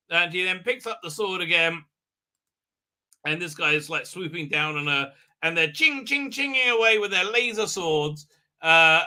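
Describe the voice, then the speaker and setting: A man's voice: a little high, bright, forceful tone. A man hosting a live episode recap, rambling and sarcastic with many filler sounds. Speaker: host reviewing a TV episode.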